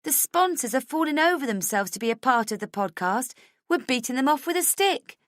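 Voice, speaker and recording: A woman's voice: lively intonation, brisk, a bit bright, dry recording, studio quality. A woman voicing a cheeky young female coworker with a teasing tone. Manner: high, teasing.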